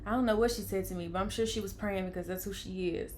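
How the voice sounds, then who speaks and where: A young woman, casually telling her own story in an animated way, acting out what people said and dropping to a hush for tired moments. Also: medium pitch, fast talker, slight background noise. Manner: animated, acts out quoted lines, swings from loud to hushed.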